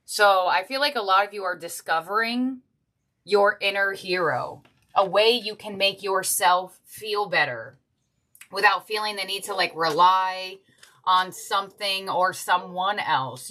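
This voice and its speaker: A woman's voice: medium pitch, measured pace, sharp tone. A woman giving a casual tarot reading, chatty and heartfelt, thinking aloud as she goes. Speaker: tarot reader.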